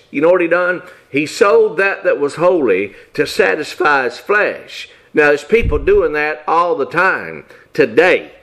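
Emphatic folksy preacher, higher-pitched man. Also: fairly bright tone. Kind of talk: sermon.

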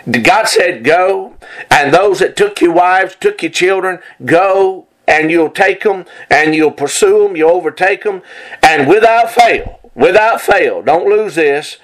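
A man delivers a sermon in a somewhat high voice. He reads scripture aloud, then presses his points home by repeating them. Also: a bit bright, poor audio. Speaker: preacher.

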